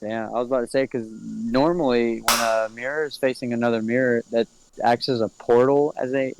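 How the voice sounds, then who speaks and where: A young man as a podcast guest who streams games, chatting in a relaxed, laid-back way. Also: medium pitch, brisk, gravelly, background noise. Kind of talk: casual chat.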